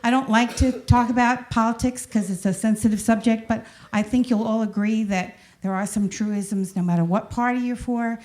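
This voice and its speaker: A woman's voice: fairly high pitch, steady tone, moderate pace, few pauses, a little mellow. A woman in her sixties with a New York accent, performing a rambling stand-up comedy set on a club stage and laughing at her own jokes. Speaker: stand-up comic.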